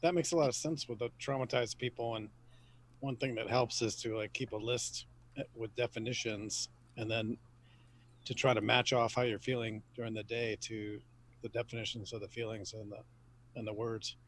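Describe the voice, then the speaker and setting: A man on a discussion panel, speaking in a measured, hesitant way with fillers. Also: medium pitch, steady tone, fairly bright tone, a little hiss or hum.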